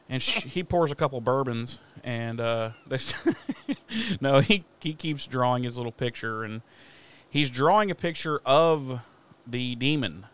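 A man retells a TV episode in loose, profane chat, jumping into the characters' lines as he goes. His voice is smooth and clear, at an ordinary pitch for a man. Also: measured pace. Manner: animated, swears a lot, acts out characters' lines. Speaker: podcast co-host recapping an episode. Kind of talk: casual profane recap chat.

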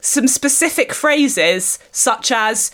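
Woman, comedy podcast co-host, mock-serious pitch, fairly high voice. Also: expressive, takes it slowly, fairly bright tone. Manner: earnest mock-activist delivery, breaks into laughter.

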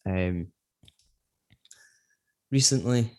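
A man's voice: lowish voice, extremely slow, a little mellow. A middle-aged man, co-hosting a podcast in casual, rambling chat. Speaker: podcast co-host.

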